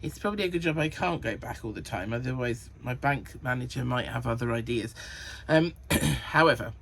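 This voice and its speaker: A woman's voice: extremely low pitch, animated, normal speed, vocal fry, slight background noise. A woman hosting a knitting podcast, chatting casually about her projects and counting rows and sizes under her breath. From Cornwall. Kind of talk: casual chat.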